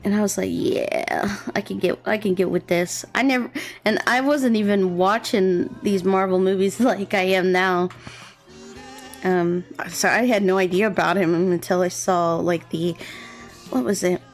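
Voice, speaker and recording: A young woman chats casually on a drawing livestream, rambling from one thought to the next. She keeps her voice low and soft at an ordinary middle pitch. Quiet, gentle music plays faintly behind her. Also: steady tone. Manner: rambling, chatty, talking deliberately low and soft. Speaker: VTuber streamer and illustrator. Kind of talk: relaxed casual chat while drawing on stream. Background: faint gentle background music.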